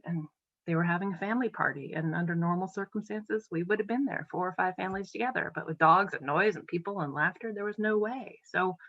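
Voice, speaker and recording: A woman's voice: mid-range voice, a bit bright, dry recording. A woman in her forties from New England with a Boston-area accent, a podcast guest telling her recovery story with feeling and many ums. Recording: dry, dull lo-fi audio.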